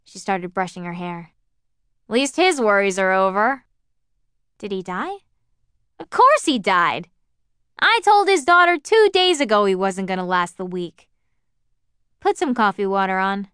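A woman's voice: mid-range voice, animated, measured pace, long pauses, smooth, dry recording, studio quality. A woman reading the lines of a strict, weary middle-aged mother who works as a nurse, scolding her daughter. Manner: scolding, sharp and raised.

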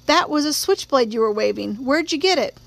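A woman reading a grave, quiet father. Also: sits high, animated, a little fast, gravelly, no echo. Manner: quiet and grim, then sharp.

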